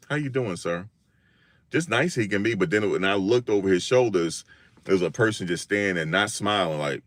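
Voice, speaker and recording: A man's voice: low voice, no room sound. A man from Virginia hosting a live stream, telling a story in a casual, slangy way and acting out what people said. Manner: animated slangy storytelling, acts out quotes.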